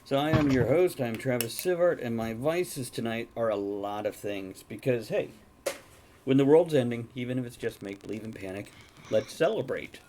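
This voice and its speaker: A man's voice: medium pitch, normal speed. Host, man, easygoing joker, noisy home mic. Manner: relaxed, joking. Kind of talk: casual chat.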